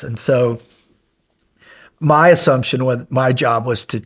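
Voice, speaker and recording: A middle-aged former SEAL instructor, guesting on a podcast, speaks slowly at medium pitch with frequent pauses. He tells rambling anecdotes in a casual interview, packed with fillers, and gets profane and animated when recounting yelling.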